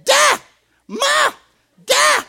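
Tiny toddler boy hollering ma and da over and over, super high and loud. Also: drawn-out words, heavily acted. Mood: insistent. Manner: shrill repeated calls. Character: insistent toddler boy shouting for his parents.

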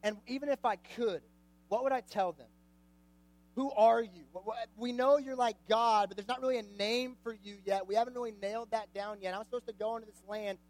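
Young male youth pastor, high voice, chatty and jokey, asks the room questions. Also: fairly even intonation, a little fast, darkish tone, poor audio. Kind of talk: casual sermon to a youth group.

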